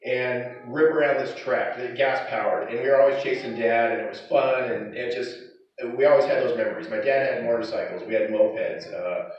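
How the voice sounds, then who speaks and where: A man's voice: medium pitch, a little fast. A middle-aged man giving a eulogy for his father, telling fond stories with chuckles in between. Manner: fond storytelling broken by chuckles. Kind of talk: eulogy with personal anecdotes. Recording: echoey hall, distant, dull.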